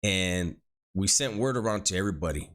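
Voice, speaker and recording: A man's voice: deep voice, expressive, fairly quick, fairly bright tone. A middle-aged man telling a story from his past in casual street slang, often repeating words as he goes.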